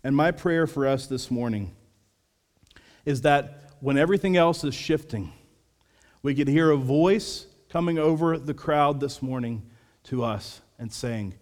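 A man in his thirties preaching a sermon as pastor, earnest and measured, sometimes dropping to a soft, quiet delivery. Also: mid-range voice. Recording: long hall reverb.

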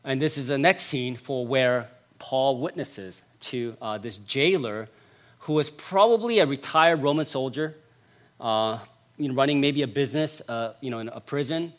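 A male pastor preaching a sermon, stressing points by repeating phrases and swinging between loud passages and hushed ones. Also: medium pitch, moderate pace.

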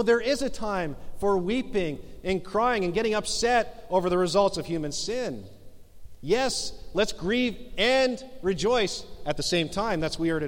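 A middle-aged male pastor preaching a sermon in a church, earnest and emphatic, slowing down to stress key phrases. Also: high-pitched. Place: church sanctuary. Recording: long hall reverb in church.

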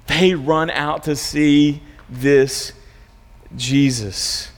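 A man's voice: on the high side, steady tone, drawn-out words, in a large hall. A man preaching a sermon as a pastor, telling a story in a loose, conversational way and often restarting and repeating words.

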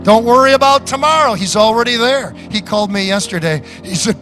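A male pastor preaching a sermon slowly and emphatically, with laughs and sudden lifts in his voice. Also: very high voice, fairly bright tone, faint music behind.

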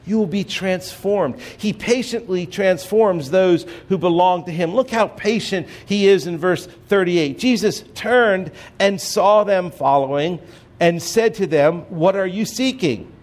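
A man preaching a sermon as pastor, earnest and measured, dropping soft and low on key phrases.

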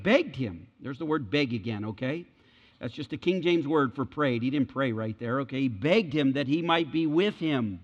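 A man's voice: medium pitch, animated, normal speed. A male pastor preaching a sermon in an earnest, emphatic way, often checking in with his listeners. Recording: dull lo-fi sound with long hall reverb.

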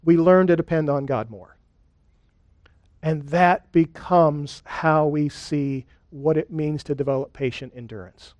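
A male pastor giving a sermon, earnest and conversational, slowing down for lists and key points. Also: fairly high pitch, darkish tone, no echo, lo-fi sound. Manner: earnest, conversational preaching with deliberate pauses and lists. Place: church.

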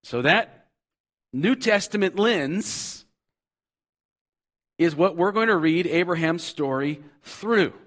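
A male pastor preaches a sermon earnestly and repetitively, rising to loud emphasis and dropping to soft, low asides.

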